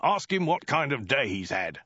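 A man's voice: lowish voice, fairly even intonation, slow pace, gravelly, pushed and bright, husky, no room sound, heavily acted. Storybook part: harsh, barking thug soldier, put on by a male narrator, dull lo-fi sound. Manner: barking, snapping orders. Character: brutal barking male warrior.

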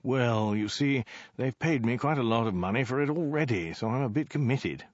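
A man's voice: mid-range voice, normal speed, no echo, muffled recording, voice pushed up, close to an everyday voice. A man voicing a self-absorbed male warlord king who rambles through vague excuses with mild hesitations, in a storybook reading. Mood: dithering.

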